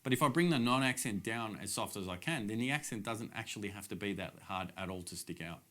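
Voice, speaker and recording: This fast-talking drum teacher from Australia has a fairly low, sharp-toned voice. He's middle-aged and gives a relaxed, cheerful lesson straight to camera, explaining the steps in plain terms.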